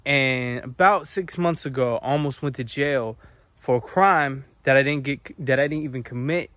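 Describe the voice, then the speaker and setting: Animated man telling a story. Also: medium pitch, normal speed, no echo. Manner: animated, quotes people with acted voices. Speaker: vlogger. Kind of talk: casual storytime monologue.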